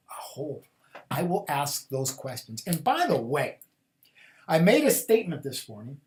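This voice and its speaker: Rambling man healer, slightly high voice. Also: very animated, moderate pace, a little mellow, a little hiss or hum. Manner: rambling, with fillers and repeated phrases; rhythmic, incantatory questions. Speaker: spiritual healer hosting a call-in show. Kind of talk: casual spoken monologue.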